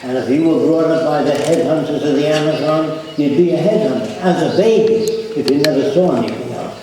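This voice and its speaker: A man's voice: fairly high pitch, fairly quick, dark tone. Anecdotal older man lecturing in a hall. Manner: plainspoken, anecdotal, acts out little dialogues. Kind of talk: public lecture. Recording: distant, echoey hall recording.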